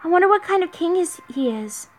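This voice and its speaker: A timid young knight girl , as a woman puts her on, stammering politely in a high, light voice. Faint music drifts behind her. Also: animated, a little fast, slight background noise. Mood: nervous. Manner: nervous, stammering.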